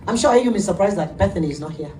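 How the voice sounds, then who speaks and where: A middle-aged woman pastor preaching an animated sermon, laughing often as she tells stories. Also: medium pitch, racing, faint music behind. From Nigeria. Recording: echoey room, heard from a distance.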